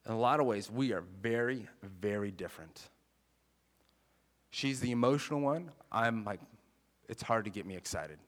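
A man preaching a sermon in a chatty, animated way, mixing jokes and scripture. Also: on the low side, moderate pace, long pauses, big-room sound. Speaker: pastor.

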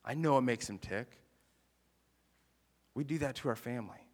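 Animated male preacher in a reverberant hall. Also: medium pitch, moderate pace, husky. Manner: conversational, animated preaching with jokes. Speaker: pastor. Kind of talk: sermon.

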